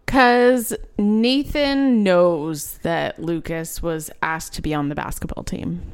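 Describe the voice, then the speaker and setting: Podcast co-host, female, lowish smooth voice, unhurried recaps of scenes. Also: steady tone. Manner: recaps scenes, quotes characters, laughs easily. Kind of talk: casual chat.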